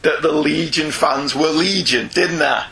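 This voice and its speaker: A man's voice: a little high, unhurried, sharp tone, poor audio. A man hosting a comics podcast, reading listener emails aloud in a jokey, teasing way and laughing often. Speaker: podcast host.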